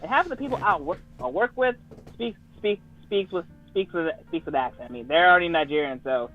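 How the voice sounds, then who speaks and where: A man co-hosting a casual online talk show, ranting in an animated, exasperated way with plenty of cursing. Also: high voice, a little fast, no echo, lo-fi sound, faint music behind. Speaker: podcast co-host. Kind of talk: casual chat.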